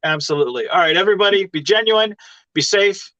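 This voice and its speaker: A man's voice: high-pitched, quick pace, pushed and bright, no echo. Chill guy hosting a video call chat, swears a lot, dry muffled sound. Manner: laid-back, swears casually. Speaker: host. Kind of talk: casual chat. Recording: dull lo-fi audio.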